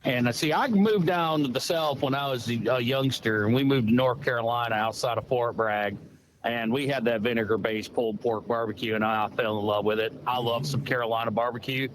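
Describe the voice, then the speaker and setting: A man hosting a casual podcast, folksy and animated, swearing casually as he tells stories. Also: medium pitch, fairly quick, low-quality recording. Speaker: podcast host. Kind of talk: casual chat. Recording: noticeable background noise.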